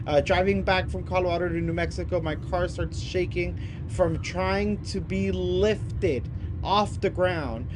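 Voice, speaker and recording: A man hosting a compilation, giving excited casual commentary over video clips and calling the viewers "y'all". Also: high voice, background noise. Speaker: compilation host.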